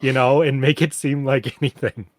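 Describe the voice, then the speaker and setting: A man's voice: medium pitch, fairly even intonation, normal speed. Emphatic, argumentative man on a podcast. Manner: emphatic, argumentative, swears freely. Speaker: podcast co-host. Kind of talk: casual book discussion. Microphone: studio mic.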